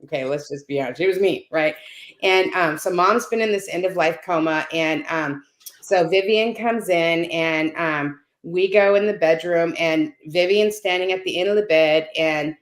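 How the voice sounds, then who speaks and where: Lower-voiced woman telling a story in a roomy echo. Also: normal speed. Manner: animated storyteller, tags lines with "right?". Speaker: guest. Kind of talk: personal storytelling in a video-call conversation. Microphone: video call.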